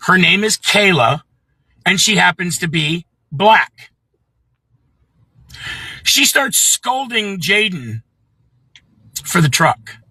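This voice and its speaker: A man's voice: high-pitched, bright, forceful tone, husky, dry recording, low-quality recording. Blunt, profane middle-aged man ranting. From Midwest of the US. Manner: blunt and profane, greets viewers by name. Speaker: livestream host. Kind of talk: ranting livestream monologue.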